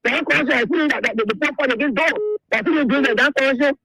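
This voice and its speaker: A man calling in to a radio talk show, halting and repeating words over and over. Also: very high voice, gravelly, sharp tone, dry recording, rough recording. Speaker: caller. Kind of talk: call-in radio comment.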